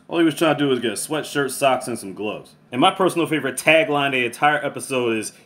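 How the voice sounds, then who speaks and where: Man, show reviewer, rapid delivery, profane, chatty. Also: medium pitch, animated, fairly bright tone.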